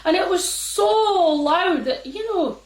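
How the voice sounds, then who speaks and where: A woman with a Scottish accent telling a folk tale in a playful, lively way. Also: very high-pitched, unhurried, roomy sound. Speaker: storyteller. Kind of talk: storytelling.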